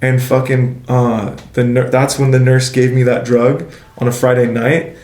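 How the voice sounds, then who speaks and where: A man's voice: medium pitch, fairly even intonation, measured pace, darkish tone. A young man telling a story in casual chat, slangy, swearing a lot and filling his speech with "like". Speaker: guest. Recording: echoey room.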